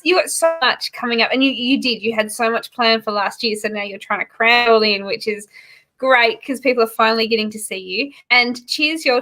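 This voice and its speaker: Upbeat woman host, bright voice. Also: fairly high pitch. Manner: enthusiastic, encouraging. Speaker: radio show host. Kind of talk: casual interview chat.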